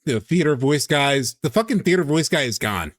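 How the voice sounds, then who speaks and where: A man hosting a stream, chatting excitedly and casually, swearing freely. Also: a little high, moderate pace, dry recording, studio quality. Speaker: streamer host. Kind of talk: casual chat.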